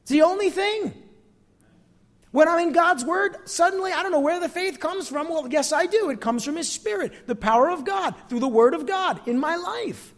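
A man preaching a sermon as pastor, expressive and calling out to his congregation for amens. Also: very high-pitched, normal speed, long reverb tail.

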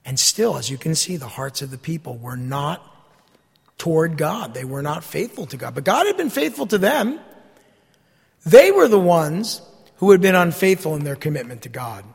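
Raspy, gravelly preacher in a hall. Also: male voice, fairly high pitch, lively intonation, moderate pace. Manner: preaching with call-and-response "Amen?" and scripture readings. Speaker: pastor. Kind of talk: sermon.

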